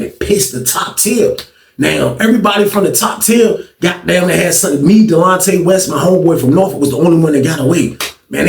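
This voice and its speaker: A man telling a story from his past in a casual, animated way, full of slang and repeated lines, acting out what people said. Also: fairly high pitch, slight background noise. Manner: animated, slangy, repetitive, acts out quotes. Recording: echoey room, distant mic.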